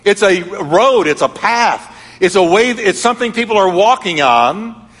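High, bright-voiced male pastor preaching. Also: expressive, a little slow, breathy edge. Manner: emphatic, repetitive preaching cadence. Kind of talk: sermon. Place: church sanctuary. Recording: long reverb of a large church hall.

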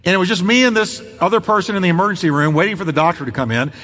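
A man's voice: high voice, rapid-fire, a bit bright, long reverb tail. A man preaching a sermon as pastor, building drama through repetition.

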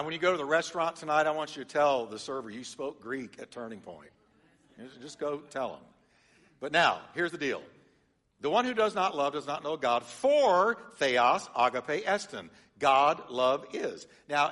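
A man, preaching a teaching sermon as pastor, animated and leading his congregation in call-and-response. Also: a little high, big-room sound. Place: church sanctuary.

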